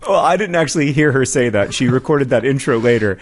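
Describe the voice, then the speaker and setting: A man's voice: medium pitch, expressive, fairly quick. A man in his forties co-hosting a casual comedic chat, rambling with lots of ums and restarts. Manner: rambling, self-deprecating, many ums and restarts. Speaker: podcast co-host. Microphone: studio mic with headphones.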